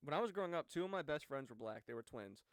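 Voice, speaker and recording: Fast-talking smooth-voiced young American man. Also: fairly high pitch, expressive, dry recording. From United States. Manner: rambling, many restarts and fillers. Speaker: podcast co-host. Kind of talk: casual podcast chat.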